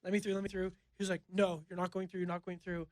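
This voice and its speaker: A young man, a podcast guest, telling a story in casual chat, animated and profane, acting out what people said. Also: high-pitched, fast, no echo, studio quality. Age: young adult. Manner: animated, profane, acts out quotes with laughter.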